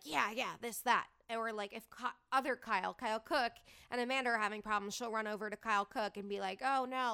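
Bright, smooth-voiced chatty woman. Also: a little high. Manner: chatty, filler-heavy, animated asides. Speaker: podcast host. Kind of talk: casual chat, reality TV gossip.

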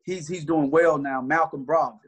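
A man's voice: on the high side, fairly even intonation, normal speed, husky. A middle-aged man, a basketball trainer, telling stories in a casual interview with earnest, repeated restarts.

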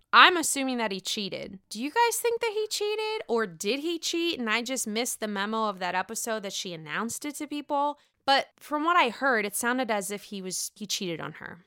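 A woman's voice: mid-range voice, pushed and bright, clear, resonant tone, no echo, studio quality. A young woman hosting a casual podcast, recapping a reality show in a chatty, gossipy way and swearing freely. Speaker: podcast host.

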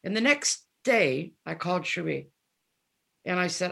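A woman's voice: lowish voice, normal speed, creaky, husky. A woman of seventy, a guest musician, chatting in an interview and animatedly telling stories, acting out the dialogue. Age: 70s. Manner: animated storyteller, acts out dialogue. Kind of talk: casual interview chat.

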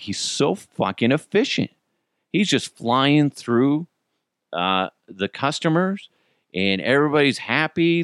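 A man hosts a podcast, telling stories in a casual, profane way. His pitch swings widely as he gets worked up, and he laughs often. The sound is dry and close. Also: a bit bright, no echo. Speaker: podcast host. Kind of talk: casual storytelling.

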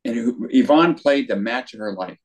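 Older man, animated storyteller, mid-pitched voice, interview guest. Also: normal speed. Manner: animated storyteller with acted quotes. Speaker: guest, former tennis pro.

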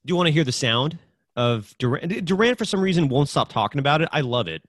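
A man co-hosting sports talk who sets up a clip quickly and energetically. His voice sounds dry and close to the mic. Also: on the high side, lively intonation, fairly bright tone, dry recording.

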